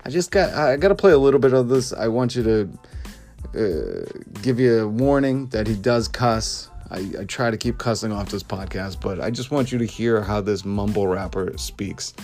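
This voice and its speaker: A man's voice: fairly low pitch, lively intonation, normal speed, darkish tone, soft background music. A man hosting a podcast, ranting with sarcastic scorn and chuckling at his own remarks. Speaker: podcast host. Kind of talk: ranting commentary.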